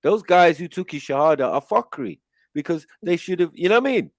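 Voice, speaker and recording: Animated man hosting a live panel. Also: fairly high pitch, a little fast, no room sound. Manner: animated, laughs often, slangy and joking. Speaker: host of a live online panel show. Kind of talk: casual live panel chat.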